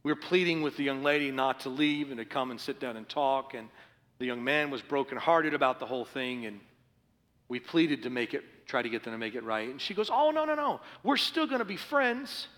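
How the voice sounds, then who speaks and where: Middle-aged pastor guy preaching, bright pushy voice, long hall echo. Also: medium pitch, steady tone, fairly quick. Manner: earnest preaching, rising to forceful emphasis. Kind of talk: sermon. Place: church sanctuary.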